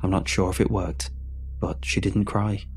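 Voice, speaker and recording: A man narrating a horror story in a measured, somber way. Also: low-pitched, flat delivery, vocal fry, a little mellow, a little hiss or hum.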